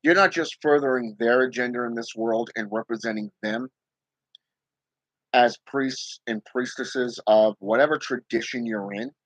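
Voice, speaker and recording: This livestream host, a man with a somewhat bright mid-range voice and moderate pace, talks casually and emphatically to his viewers about spirit work, often checking in with "okay?" and repeating "you know." The recording is low quality, with no room sound.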